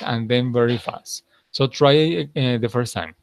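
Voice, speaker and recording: A man teaching English, running a pronunciation drill; he praises his students often and models words slowly for them to repeat. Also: medium pitch.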